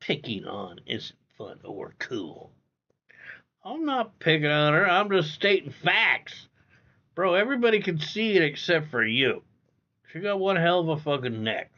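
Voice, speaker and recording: A man's voice: a little high, sing-song, measured pace, bright, forceful tone, lo-fi sound. A man streaming live, reading viewer comments in a blunt, profane way, repeating himself and calling people bro. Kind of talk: casual livestream chat reading viewer comments.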